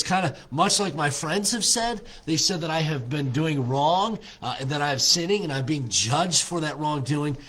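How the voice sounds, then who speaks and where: A husky-voiced man teaching scripture as a pastor in an unhurried devotional. He stumbles through frequent filler words and restarts. When he reads the verses aloud he slows and leans into each phrase. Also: medium pitch, a bit bright. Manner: halting, many filler uhs and restarts; slows and presses on quoted verses.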